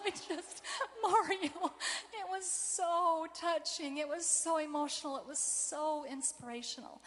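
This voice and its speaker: A woman giving a motivational convention speech, telling personal stories in a warm, emotional way. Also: high voice, slight background noise. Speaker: convention speaker.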